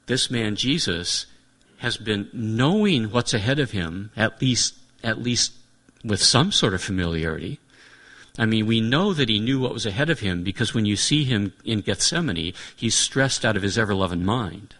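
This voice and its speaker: Male preacher, earnest and reflective, slightly low voice, restates his points. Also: expressive, normal speed, a bit bright. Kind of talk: sermon.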